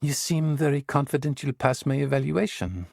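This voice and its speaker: A man playing a disarming female psychologist in her late thirties, brisk and smooth. The voice is lifted high over a gravelly base, in a dry, close audiobook read. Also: lively intonation, a little mellow, dry recording.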